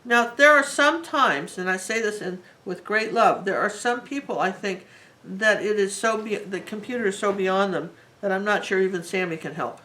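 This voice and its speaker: A woman's voice: medium pitch, moderate pace, rough recording. A woman teaching a live painting tutorial, talking in a chatty and rambling way as she works. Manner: chatty, rambling and warmly enthusiastic. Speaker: art teacher.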